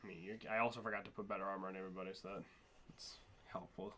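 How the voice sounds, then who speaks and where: A man's voice: deep voice, flat delivery, racing, bright, forceful tone. A young man playing a game on a let's play, chatting in a wry, laid-back way and swearing freely. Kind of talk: casual chat over gameplay.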